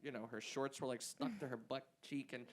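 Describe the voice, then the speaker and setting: A man's voice: medium pitch, very animated, brisk. A man co-hosting a podcast, wisecracking and stammering through casual chat. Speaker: podcast co-host.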